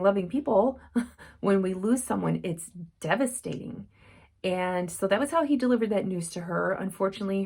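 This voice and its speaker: A woman's voice: mid-range voice, creaky. A middle-aged woman hosting her own channel from her home craft room, telling a story in an earnest, reflective way with many fillers. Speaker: channel host. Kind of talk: casual talk to camera.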